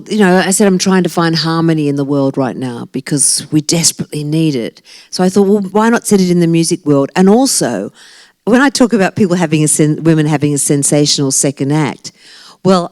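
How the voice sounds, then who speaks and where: A woman's voice: low-pitched, darkish tone, no echo. Laughing, brash woman in her sixties. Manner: brash, self-mocking, laughs often. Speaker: author. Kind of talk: lively talk to a live audience. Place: library talk event.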